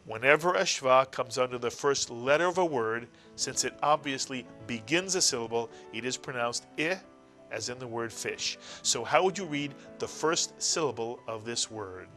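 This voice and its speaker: A man's voice: medium pitch, animated, moderate pace, a bit bright, faint music behind. A middle-aged man teaching a language lesson, explaining patiently and repeating key words. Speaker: Hebrew teacher. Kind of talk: classroom-style language lesson.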